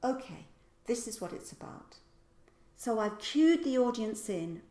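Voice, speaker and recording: A woman's voice: fairly high pitch, big pitch swings, measured pace, mellow, reverberant. A woman teaching public speaking in a casual lesson, playfully acting out example lines with exaggerated stress. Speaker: voice and speaking coach.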